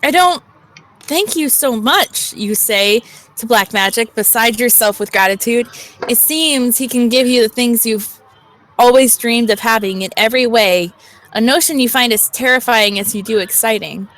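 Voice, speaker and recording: A woman's voice: fairly high pitch, low-quality recording. A woman co-playing a story game on a livestream, reading her lines aloud and laughing a lot. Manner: slow and lively, laughs a lot. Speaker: guest co-player on the stream. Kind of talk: casual livestream chat and read-aloud narration.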